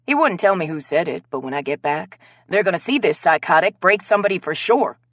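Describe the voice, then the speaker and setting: A woman narrator voicing an outspoken female friend talking loudly and indignantly on the phone in an audiobook. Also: on the low side, expressive, no room sound, clean studio sound. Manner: loud, indignant, quick.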